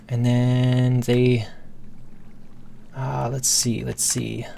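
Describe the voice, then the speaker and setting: A man's voice: mid-range voice, creaky, a little hiss or hum. A man giving casual let's play commentary, thinking aloud as he builds and rambling with many fillers. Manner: casual, self-talking while building. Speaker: gameplay host.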